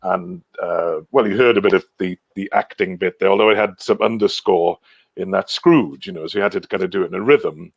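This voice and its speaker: Gravelly-voiced man chatting loosely. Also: low-pitched, a little fast, no room sound, muffled recording. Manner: rambling, trailing off, chuckling. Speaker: guest singer. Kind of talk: casual chat.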